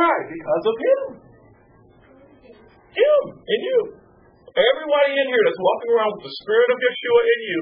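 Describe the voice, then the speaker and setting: Animated preacher man, distant muffled mic. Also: fairly quick. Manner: animated, swooping between high exclamations and low hushed tones. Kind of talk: sermon. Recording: distant mic, muffled sound, faint hum.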